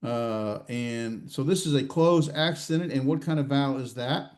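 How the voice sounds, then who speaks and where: A man teaching a grammar class, quizzing students and talking haltingly with many fillers and restarts. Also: medium pitch. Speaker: Hebrew grammar instructor. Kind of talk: classroom lecture with student questions. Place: classroom or online class session.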